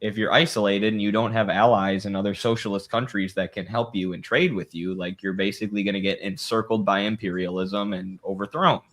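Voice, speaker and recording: Low-voiced man in rambling profane chat. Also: steady tone, fairly bright tone. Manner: rambling, profane, quick to laugh. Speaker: podcast co-host. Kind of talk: casual political chat.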